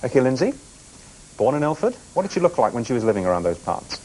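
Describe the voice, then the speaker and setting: A man's voice: medium pitch, very animated, quick pace, dark tone, a little hiss or hum, rough recording. A man hosting a TV quiz show in a studio, bantering and teasing the contestants between questions. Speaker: game show host.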